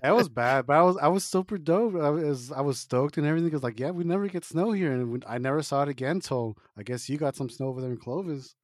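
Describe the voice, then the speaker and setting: A man's voice: on the high side, fast, few pauses, no echo, studio quality. A man co-hosting a casual podcast, recalling a childhood memory in an easygoing way with casual slang. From California. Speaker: podcast co-host. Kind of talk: casual chat.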